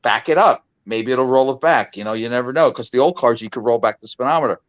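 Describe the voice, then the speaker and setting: A man's voice: mid-range voice, quick pace, dull audio. A man in his fifties, a guest on a video call, telling stories in a casual, laughing chat. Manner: animated, laughing storyteller.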